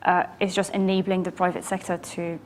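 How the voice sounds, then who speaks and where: A woman's voice: lowish voice, level tone, a little fast. A woman speaking as a panelist, earnest, often repeating words as she starts. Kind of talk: panel discussion.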